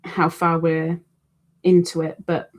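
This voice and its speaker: A woman's voice: fairly low pitch, completely flat delivery, slow pace. A middle-aged woman hosting a crochet live stream, chatting casually and self-deprecatingly, reading out viewer comments.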